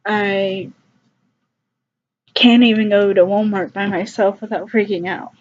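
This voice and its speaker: A young woman vlogger telling a personal story in a halting, subdued way, with many fillers. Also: mid-range voice, fairly even intonation, a little mellow. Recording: slightly dull lo-fi recording.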